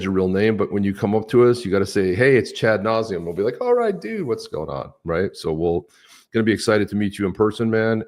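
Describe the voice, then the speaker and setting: A man's voice: sits low, a little mellow. A man co-hosting a live stream, chatting casually and upbeat, greeting viewers by name. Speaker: podcast co-host.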